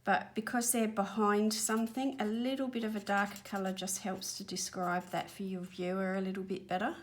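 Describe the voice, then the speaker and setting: An Australian woman who hosts a colouring channel chats casually from the spare-room studio in her home, rambling and sounding a little apologetic as she colours. Her mid-range voice comes across flat and slightly quick, and she's a bit out of breath. There's a faint hiss or hum on the recording.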